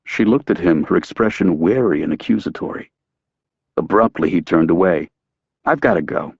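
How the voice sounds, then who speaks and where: A man narrating an audiobook in a measured, even way. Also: deep voice, creaky, no room sound, highs cut off.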